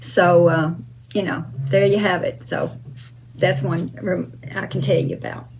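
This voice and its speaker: Older woman with a gravelly low voice. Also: fairly even intonation, unhurried, background noise. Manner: emphatic, with frequent uh and um. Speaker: channel host answering fan questions. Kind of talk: casual Q&A.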